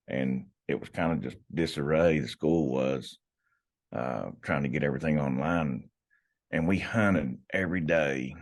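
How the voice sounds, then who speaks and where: Middle-aged guy w a really low voice, rambling hunting stories on a podcast. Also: a little mellow. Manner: rambling, folksy, many restarts. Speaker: podcast guest, hunter. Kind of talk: casual storytelling. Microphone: podcast microphone.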